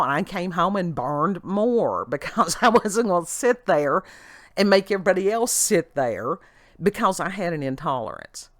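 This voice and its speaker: A woman's voice: low voice, lively intonation, unhurried, a bit bright, dry recording. Earnest folksy Appalachian woman host, dry sound. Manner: earnest, folksy, talks straight to viewers. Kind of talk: casual vlog monologue.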